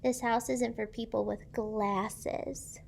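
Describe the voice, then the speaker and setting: A woman's voice: fairly high pitch, steady tone, creaky, darkish tone, slight background noise. A woman reading as a bossy little boy. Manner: stern, drawn-out, emphatic. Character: bossy boy who guards his house.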